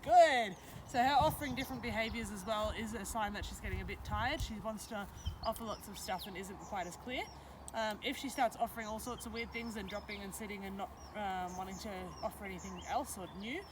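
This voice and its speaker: A woman dog trainer who calmly explains a trick, then praises her dog in a high sing-song voice. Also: fast, noisy background. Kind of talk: casual training demonstration. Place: outdoors or open training space with a dog.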